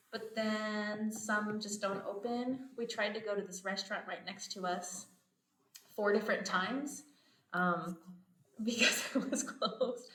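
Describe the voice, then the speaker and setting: A woman hosting a podcast, chatting casually and telling stories with frequent laughter. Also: mid-range voice. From United States. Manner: chatty storytelling, laughs often. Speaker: podcast host. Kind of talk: casual chat. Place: home abroad, indoors. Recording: echoey room.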